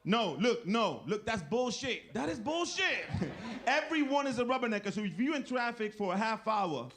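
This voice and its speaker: A man from the Bronx doing a loud, punchy stand-up set on a comedy club stage. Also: extremely high pitch, big pitch swings, moderate pace. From the Bronx, New York.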